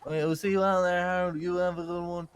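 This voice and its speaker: A man's voice: sits high, level tone, fast, clear, resonant tone. A man doing a put-on Irish accent while roleplaying in character, stammering and earnest, often ending lines with tag questions. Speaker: roleplay player.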